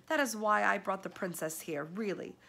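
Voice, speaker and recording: A woman's voice: medium pitch, normal speed, vocal fry, fairly bright tone, a little hiss or hum. A woman voicing a sorrowful male rat who pleads and mourns, in a storybook read-aloud. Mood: despairing. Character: grieving male rat longing for light.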